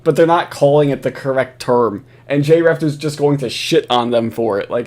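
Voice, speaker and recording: A man's voice: medium pitch, normal speed, hardly any pauses, darkish tone. A man giving casual reaction commentary over footage, profane and mocking, often laughing.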